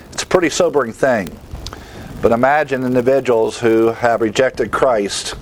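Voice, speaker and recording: A man's voice: mid-range voice, slight background noise, rough recording. A man giving an expository Bible lesson, emphatic and explanatory, rattling off verse references between his points. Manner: emphatic, rapid verse citations. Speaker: Bible teacher.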